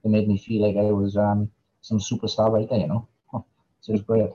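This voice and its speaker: A man's voice: lowish voice, completely flat delivery, brisk, warm tone, husky, dull audio. A man with a Welsh Valleys accent, an author answering interview questions in a hesitant way, with lots of fillers and repeated words. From Wales. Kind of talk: casual interview chat.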